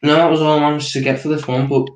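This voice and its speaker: A man's voice: fairly high pitch, level tone, racing. Man breaking down football tactics, echoey. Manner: explanatory, walks through positions on a drawing. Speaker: tactics analyst co-host.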